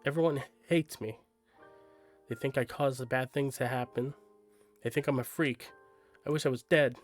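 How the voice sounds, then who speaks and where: A man voicing a bullied young girl who speaks quietly and without hope. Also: medium pitch, steady tone, normal speed, faint music behind, close to an everyday voice. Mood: hopeless.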